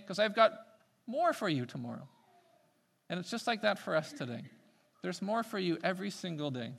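A man preaching a sermon, swinging between loud emphatic peaks and quiet asides. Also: high-pitched, very animated, moderate pace, gravelly, long pauses.

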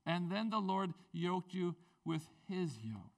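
A man preaching a sermon as a pastor, in a conversational, animated way with playful asides. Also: high-pitched, slow, recorded from a distance.

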